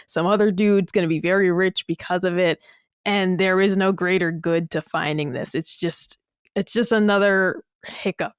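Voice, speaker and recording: Blunt, swearing woman on a smooth, dry podcast mic. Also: lowish voice, no room sound. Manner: blunt, animated, swears freely. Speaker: podcast guest. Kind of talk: casual podcast chat.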